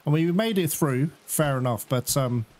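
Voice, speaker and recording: Excitable man doing let's-play commentary. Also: on the high side, normal speed, a little hiss or hum. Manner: excitable, talks to viewers as "guys". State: out of breath. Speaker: gaming YouTuber.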